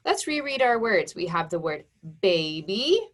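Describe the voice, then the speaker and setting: Casting: woman teacher for an early phonics lesson, unhurried and encouraging, spelling words out letter by letter. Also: mid-range voice, big pitch swings, a bit bright. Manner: slow, patient, encouraging, sounds out letters and syllables. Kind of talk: online phonics lesson for young children. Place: home.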